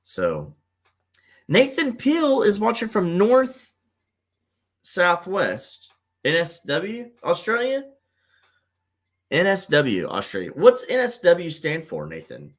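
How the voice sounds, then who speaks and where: Rambling, lively-pitched man hosting. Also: slow pace, pauses often. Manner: rambling, repeats himself, many fillers. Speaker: host of a live call-in show. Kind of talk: casual livestream chat.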